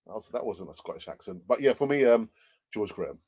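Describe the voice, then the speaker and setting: A man's voice: lowish voice, expressive, fast talker, darkish tone, breathy edge, dry recording, dull audio. A man hosting a live fan stream, reading viewer comments aloud in a rambling, hesitant way with frequent restarts and chuckles. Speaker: fan channel host.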